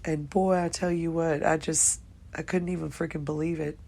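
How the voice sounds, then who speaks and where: A woman's voice: low-pitched, little pitch movement, normal speed, vocal fry, warm tone. An older woman talking to her viewers in a rambling, emotional monologue, swearing casually. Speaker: vlogger.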